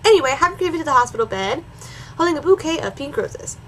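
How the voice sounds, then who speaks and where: A woman's voice: on the high side, animated, fast, a bit bright, slight background noise, low-quality recording. A woman doing a comedic dramatic reading of a bad story, breaking off for sarcastic asides. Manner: sarcastic, mocking, switches between reading and snarky asides. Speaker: reaction video host.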